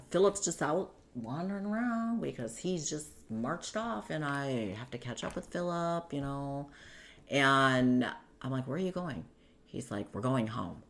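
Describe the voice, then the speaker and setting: Woman with a really deep voice telling her story in an interview, slight hum behind her. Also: creaky, fairly bright tone. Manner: conversational, quotes the other people in her story.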